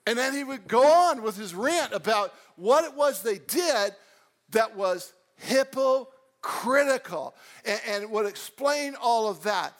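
A man preaching a sermon, animated, swinging between loud emphatic lines and quiet storytelling. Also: very high-pitched, slow pace. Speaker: pastor.

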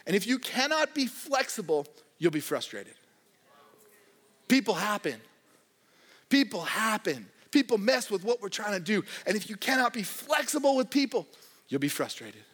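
A young man preaches with a fairly high voice and a loose, joking manner, slipping into quoted voices now and then. His words ring out with a long reverb from a large hall. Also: a bit bright. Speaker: pastor. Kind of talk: sermon.

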